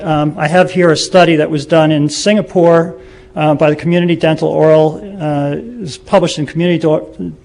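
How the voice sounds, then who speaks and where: A man's voice: a little high, a little mellow. A man giving public comment at a city council meeting, earnestly reciting statistics with many ums and uhs.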